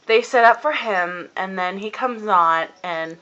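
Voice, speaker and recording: A teenage girl telling a long casual vlog story about her day, rambling and acting out what people said in animated voices. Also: mid-range voice, moderate pace, few pauses, highs cut off. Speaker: vlogger. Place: indoors at home, cold room.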